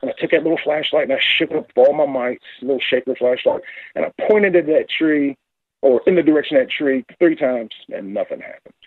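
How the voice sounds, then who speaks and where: A man calling in to a radio talk show, telling his story in a rambling, halting, excited way. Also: mid-range voice, breathy edge, dry recording. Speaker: caller. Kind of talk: casual phone-in story. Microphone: phone. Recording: tinny phone line.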